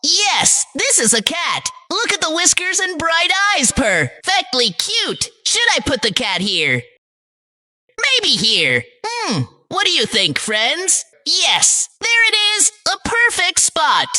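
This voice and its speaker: Woman, cheerful preschool lesson narrator, swooping melody, very bright tone. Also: high voice, huge pitch swings, slow pace, no room sound, clean studio sound, soft background music. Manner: cheerful, sing-song, speaks to children. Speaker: children's presenter.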